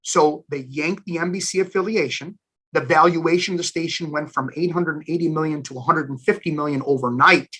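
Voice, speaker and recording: A man in his fifties tells stories from his working life in a loose, animated way and keeps turning to his listeners. His voice sits a little high and comes across bright and forceful. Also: fairly quick, slightly rough. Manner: animated, chatty storyteller who addresses listeners as guys. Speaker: station general manager, alumni guest. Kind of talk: casual storytelling interview.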